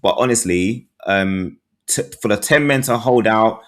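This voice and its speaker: A man's voice: lowish voice, a little slow, a bit bright. A man, co-hosting a football podcast in casual chat, earnest, with plenty of ums. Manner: earnest, fillers, talks it through. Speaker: podcast co-host, football fan.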